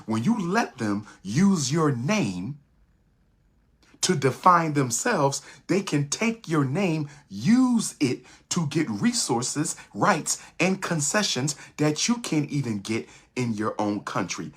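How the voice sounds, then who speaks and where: A man's voice: fairly high pitch, big pitch swings, slow pace, slightly rough. A man giving an impassioned speech, emphatic and repetitive, with rhetorical questions. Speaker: public speaker.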